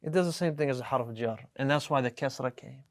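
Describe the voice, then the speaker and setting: A man's voice: medium pitch, fast. A man teaching an Arabic class to students, explaining words patiently, often checking with "right?" and reading example sentences aloud. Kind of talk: classroom lesson.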